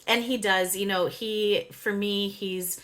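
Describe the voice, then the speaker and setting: A woman's voice: medium pitch, steady tone, slow, a bit bright. A woman channeler talking in a casual, rambling way, with many fillers and frequent giggles. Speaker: spiritual channeler. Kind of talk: casual spiritual monologue.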